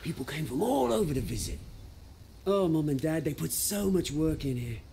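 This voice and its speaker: British fallen-aristocrat brawler, game character, theatrical, resentful, high-pitched, very lively, backing music. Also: male voice, normal speed, vocal fry, slight background noise. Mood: nostalgic. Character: bitter, brash young British man fallen from wealth. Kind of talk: video game voice acting.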